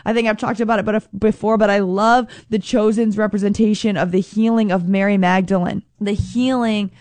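A woman giving an earnest devotional reflection, speaking slowly and emphatically and often repeating phrases. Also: medium pitch, steady tone, a little mellow, no room sound.

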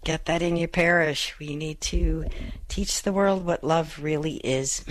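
A woman hosting a Catholic call-in advice radio show, talking fast and laughing often, clearing her throat as she goes. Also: low-pitched, fairly even intonation, no room sound.

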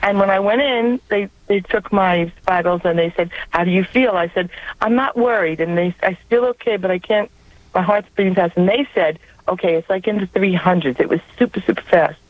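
A woman with a New York accent calling in to tell a personal faith story in an earnest, quick, conversational way. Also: medium pitch, no room sound. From Long Island, New York. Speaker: caller. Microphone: telephone. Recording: tinny phone line.

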